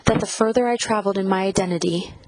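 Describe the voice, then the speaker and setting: A woman narrating a first-person audiobook in a measured, reflective reading style. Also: mid-range voice, dry recording, rough recording.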